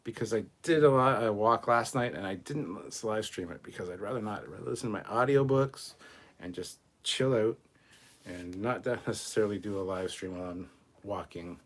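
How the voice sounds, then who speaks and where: A man's voice: fairly low pitch, normal speed. A man hosting a casual livestream, reading viewer comments aloud and answering them in a rambling, profane, self-mocking way. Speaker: livestream host reading chat.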